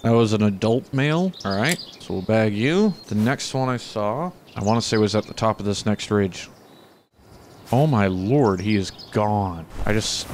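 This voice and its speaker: A man's voice: lowish voice, a little hiss or hum. A man casually commenting on his own gameplay as he hunts, chatting to the animals on screen and using mild exclamations. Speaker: gaming channel host.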